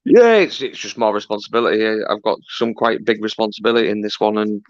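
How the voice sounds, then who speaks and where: A man's voice: fairly low pitch, animated, fast talker, dry recording. Hesitant man on dry lo-fi audio. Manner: hesitant, many "uh" and "um" fillers. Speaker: stream panel guest. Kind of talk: casual chat.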